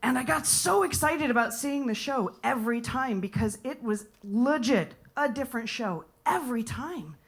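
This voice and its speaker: A woman's voice: on the high side, animated, normal speed, hardly any pauses, slightly rough. A young American woman performing a rambling, playful stand-up set. She talks straight to the audience and drops into whispered asides. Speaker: comedian and improviser. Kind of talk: stand-up set at a live comedy night.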